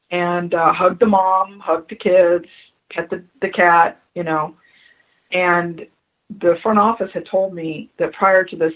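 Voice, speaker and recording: This woman has a lowish voice, heard with phone-quality sound. Interviewed on radio as a spiritual adviser, she is choked up while earnestly telling stories and repeating her key lines for emphasis.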